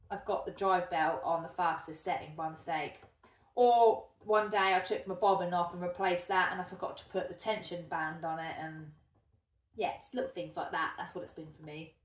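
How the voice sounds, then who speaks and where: A woman chatting casually in a craft vlog while she works, self-deprecating and thinking aloud. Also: lowish voice. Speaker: hobby spinner vlogger. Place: indoor room at a spinning wheel. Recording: echoey room from a distant mic.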